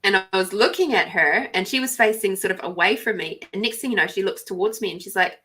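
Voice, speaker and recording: A woman with an Australian accent, hosting a podcast and telling a personal story in a soft, reflective way, sometimes dropping to near whispers. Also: mid-range voice, quick pace. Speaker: podcast host. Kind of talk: casual storytelling.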